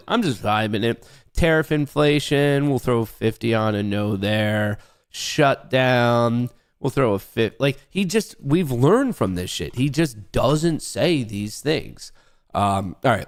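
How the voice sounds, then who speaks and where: A man hosting a casual livestream, talking to his chat in an excitable, rambling way and swearing freely. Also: mid-range voice. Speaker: livestream host.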